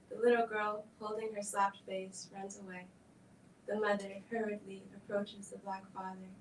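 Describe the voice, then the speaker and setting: A woman gives a measured dramatic reading of a script at a film event. Her delivery stays flat and level throughout. She is heard from a distance in an echoey hall with faint noise behind her. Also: mid-range voice. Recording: echoey room, distant mic.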